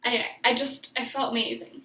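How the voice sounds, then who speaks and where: A young woman vlogger tells a personal story in a rambling, emotional way, full of fillers and restarts. Her voice is a little high, sharp and steady, and she talks fast. She's recorded a bit away from the mic in an echoey room, with a little hiss or hum.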